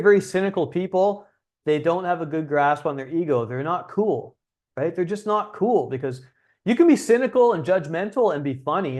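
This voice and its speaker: A man's voice: on the high side, a little mellow. A young man hosting a livestream, talking casually and bluntly as a dating coach, with frequent swearing. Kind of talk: livestream talk.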